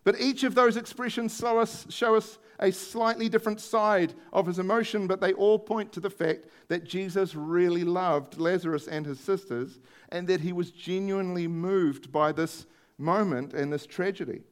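A man with a high-pitched voice preaches a sermon in a conversational tone. He retells a story and adds emphatic stresses along the way. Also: fairly even intonation, normal speed.

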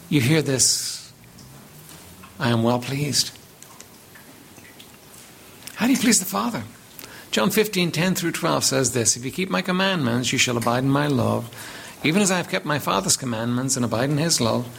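A man's voice: fairly high pitch, creaky, a bit bright, slight background noise. A man preaching a sermon as pastor, reading scripture aloud and emphatically repeating words as he builds his points.

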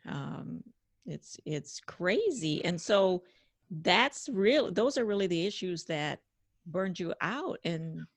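Attentive woman interviewer, lowish voice. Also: animated, takes it slowly, dry recording. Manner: attentive, prompting, frequent mm-hmms. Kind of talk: interview questions.

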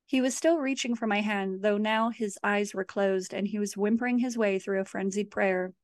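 A woman, the author, reading her own horror story aloud in a measured, steady storytelling voice. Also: medium pitch, no echo, clean studio sound.

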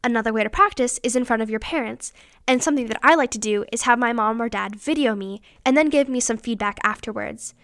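A teenage girl with a fairly high voice talks through pageant advice in a scripted, upbeat way. She is instructive and leans hard on her dos and don'ts. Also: fast, a bit bright. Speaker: pageant contestant giving tips.

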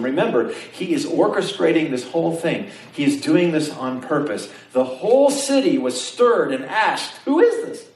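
Male pastor, sermon, slightly high and expressive, roomy distant sound with faint ambience. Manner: animated storytelling preacher, asks the congregation questions.

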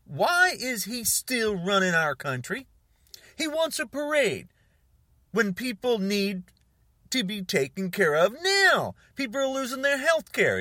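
High, lively exasperated ranting man. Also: no echo, clean studio sound. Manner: exasperated, sarcastic, heated. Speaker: political commentator. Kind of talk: ranting monologue to camera.

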